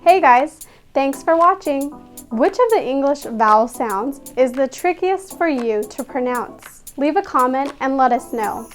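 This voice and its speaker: High-pitched woman doing a cheery channel outro with faint music behind. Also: lively intonation, measured pace. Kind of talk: friendly video sign-off.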